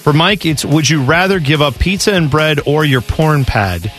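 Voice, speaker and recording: Lively-voiced male sports radio host. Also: on the high side, moderate pace, faint music behind. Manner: reads listener questions, laughs often. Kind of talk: casual sports radio banter.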